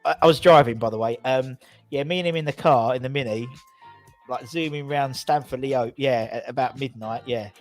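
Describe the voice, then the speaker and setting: A man hosts a casual football fan chat show, rambling cheerfully from one story to the next and reading out viewer comments. His voice sits at an ordinary middle pitch. Faint music plays underneath. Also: moderate pace. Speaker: podcast host.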